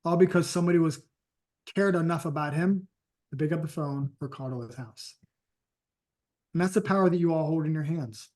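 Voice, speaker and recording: A man's voice: on the high side, a little fast, long pauses, a little mellow. Upbeat man giving a coaching talk. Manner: emphatic, conversational storytelling. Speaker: sales and network marketing coach. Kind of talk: motivational training talk.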